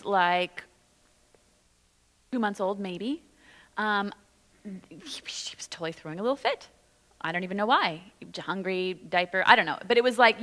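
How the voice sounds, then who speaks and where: Bright, chatty woman pastor in reverb. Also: medium pitch. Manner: chatty, full of "like" and "you know". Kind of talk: conversational church teaching. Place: church sanctuary.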